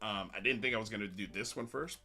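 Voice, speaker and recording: A man's voice: lowish voice, quick pace, sharp tone, soft background music. A man hosting a livestream, ranting bluntly and sarcastically, then reading viewer comments with frequent laughs. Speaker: livestream host.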